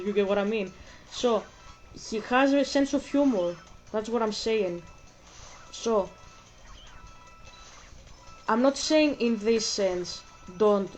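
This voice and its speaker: Brief: woman streamer, slightly high voice, rambling repetitive chat over a game, faint music behind. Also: a little mellow. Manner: rambling, repeats herself, breaks off for game moves. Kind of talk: casual livestream chat while gaming.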